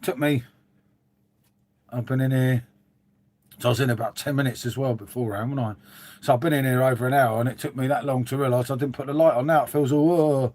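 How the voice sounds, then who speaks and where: This middle-aged livestream host sits in a dim room at home, reading and replying to viewers with chatty, wandering talk full of "mate." His medium-pitched voice is a little mellow and fairly even, coming a little fast with frequent pauses.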